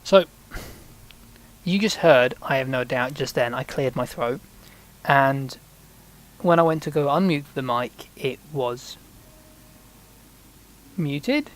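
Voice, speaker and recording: A man's voice: mid-range voice, slow pace, pauses often. A man casually commenting on the game he is playing, rambling along with self-mocking asides. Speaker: gaming channel host. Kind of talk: casual let's-play commentary.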